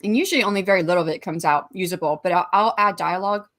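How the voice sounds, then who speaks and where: A woman's voice: on the low side, racing, a bit bright. Chatty woman hosting a writing livestream. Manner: chatty, greets viewers by name and reads out chat. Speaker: livestream host. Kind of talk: casual livestream chat.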